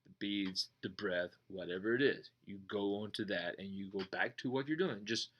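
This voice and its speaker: A man teaching meditation in a casual, blunt way, swearing and joking, and going soft and slow when he guides the breathing. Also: fairly low pitch, muffled recording, slight background noise. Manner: slows and softens when guiding breathing. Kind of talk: casual explanatory talk.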